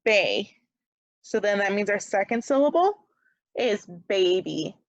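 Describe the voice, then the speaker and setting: A woman with a slight Upper Midwest American accent teaches children phonics at an unhurried, careful pace, pausing often for answers. Her voice sits at an ordinary middle pitch. The sound is dry and close, with the muffled, lo-fi quality of a webcam mic. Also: big pitch swings, no echo. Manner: slow, patient, encouraging, leaves pauses for answers. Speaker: second grade teacher. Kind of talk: remote phonics lesson.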